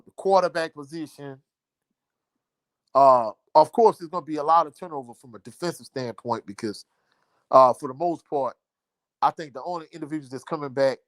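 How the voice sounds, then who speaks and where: On a sports live stream, a middle-aged man from Louisiana casually reads viewer comments and repeats phrases for emphasis. His voice is bright and somewhat high for a man, and the close, dry recording has no room sound.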